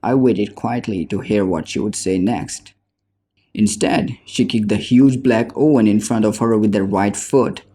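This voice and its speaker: Male narrator for a nonfiction audiobook, steady and measured, low and warm. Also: breathy edge.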